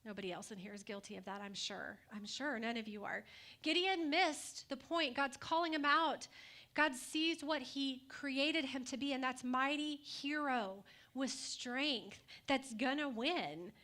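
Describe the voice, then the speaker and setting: A woman's voice: high-pitched, measured pace, bright, forceful tone. A woman pastor preaching a sermon in a conversational way, asking the congregation questions and adding light humor.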